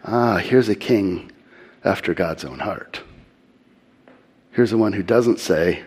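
A man giving earnest sermon-style Bible teaching, slowing and softening his voice for emphasis. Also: lowish voice, lively intonation, husky.

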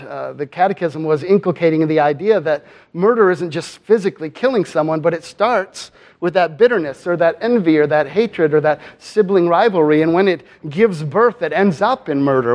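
A man's voice: on the high side, moderate pace, a little mellow. A man preaching a sermon in an earnest manner, often posing rhetorical questions to his congregation. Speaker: pastor.

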